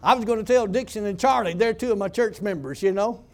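A male pastor preaching a sermon, telling stories and building up to loud shouts. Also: high voice, moderate pace.

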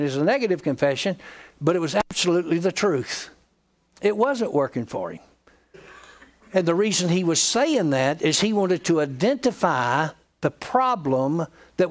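A man preaching a sermon, telling a story and retelling a friend's words, often trailing off and restarting. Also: on the high side.

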